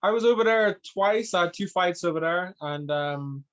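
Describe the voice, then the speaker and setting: A man hosting a casual podcast chat, relaxed and hesitant, with many fillers. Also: sits high, normal speed, dull audio.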